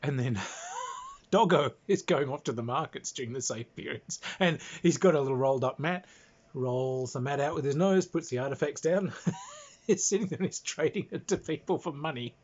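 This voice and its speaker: A man's voice: on the high side, normal speed, breathy edge. A man casually recounting a tabletop game in an amused, rambling way, chuckling as he goes. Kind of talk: casual anecdote. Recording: dull lo-fi recording.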